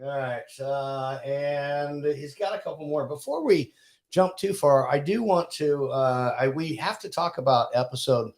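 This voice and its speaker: A man co-hosting a casual podcast with his wife, relaxed and joking, with frequent fillers. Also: fairly high pitch, a little slow. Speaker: podcast co-host. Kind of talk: casual chat.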